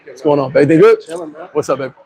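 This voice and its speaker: An American man hosting a casual livestream. He rambles through viewer comments and shout-outs, often restarting and chuckling. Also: fairly high pitch, lively intonation, quick pace, rough recording. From United States. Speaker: livestream host.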